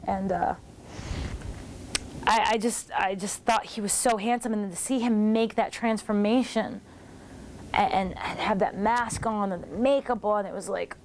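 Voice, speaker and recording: A woman in her forties recounts old backstage stories in a relaxed, animated way, slipping into quick acted-out quotes from the people she describes. Her voice sits at a middle pitch, and a faint hiss of background noise runs under the recording. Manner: animated, acts out others' lines in quotes. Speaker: former wrestler recalling her career. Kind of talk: casual storytelling commentary.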